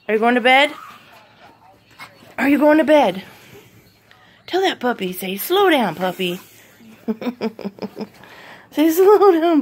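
A woman's voice: high-pitched, slightly rough. A woman chatting playfully in a home video, laughing and talking in a sing-song voice to a puppy.

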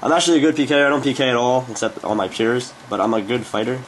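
A man's voice: medium pitch, fast, a little hiss or hum. A young man giving casual, rambling gameplay commentary, speaking offhand with frequent fillers. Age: young adult. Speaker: gaming commentator.

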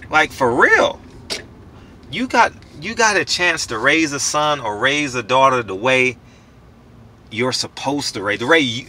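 A man's voice: mid-range voice, sharp tone, a little hiss or hum. A man in his forties giving casual motivational advice to other men, emphatic and profane, repeating himself for weight. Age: 40s. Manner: preachy, repetitive, profane and emphatic. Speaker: channel host giving life advice.

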